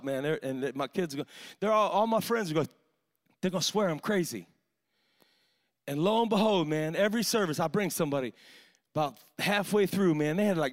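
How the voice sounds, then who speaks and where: Male preacher, high bright voice, fiery sermon delivery, keeps saying "man". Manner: impassioned, storytelling with frequent "man" fillers. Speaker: pastor.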